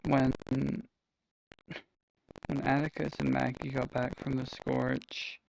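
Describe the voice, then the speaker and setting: Soft-spoken, hesitant role-play player, man; slow, flat delivery. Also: mid-range voice, vocal fry, slight background noise, poor audio. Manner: quiet, subdued and hesitant. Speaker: fellow player. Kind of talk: in-game role-play chat.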